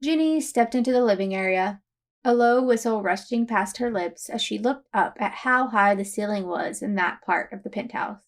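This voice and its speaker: A woman narrating fan fiction aloud, in a steady storytelling manner. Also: medium pitch, normal speed.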